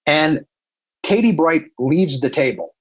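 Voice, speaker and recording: Over poor audio, a country radio programmer spins a long, casual anecdote, animatedly quoting people and acting out their dialogue. His voice is a little high and slightly rough, and he talks at a slow pace.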